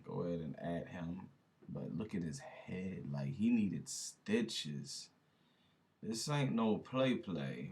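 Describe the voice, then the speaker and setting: A man's voice: deep voice, a little mellow. A man hosting a reaction video, talking casually and with disbelief, laughing now and then and speaking straight to his viewers in slang.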